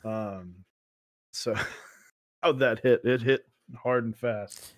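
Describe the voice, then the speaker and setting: A man's voice: medium pitch, steady tone, slow, dry recording, studio quality. A man co-hosting a casual talk show, chatting loosely with lots of fillers. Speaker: co-host. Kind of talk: casual chat.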